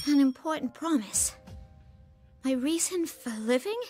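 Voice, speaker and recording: Brief: confused young machine girl for a game; sharp, high-pitched, alarmed questions. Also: animated, measured pace, faint music behind. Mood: startled. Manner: startled, questioning outbursts. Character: bewildered young woman with a mechanical body. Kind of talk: video game voice acting.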